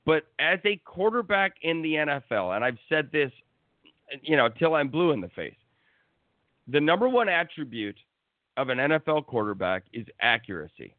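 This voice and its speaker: A man's voice: on the high side, very animated, normal speed, no room sound. A man giving blunt, profane sports opinions in a casual talk-show rant. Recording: tinny phone-like line, dry.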